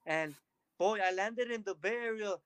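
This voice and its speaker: High-voiced energetic man telling stories. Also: moderate pace, clear, resonant tone, no echo, low-quality recording. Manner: energetic storytelling, quotes others in lively bursts. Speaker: podcast guest. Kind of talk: casual interview chat.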